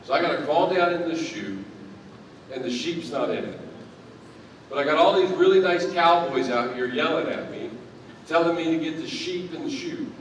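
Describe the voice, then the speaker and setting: Man, thirties, commencement keynote, self-deprecating humor, heavy arena echo, clear background ambience. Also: on the high side, expressive, moderate pace, slight background noise. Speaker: keynote speaker. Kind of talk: commencement speech. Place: large indoor university arena. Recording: echoey arena, picked up from a distance.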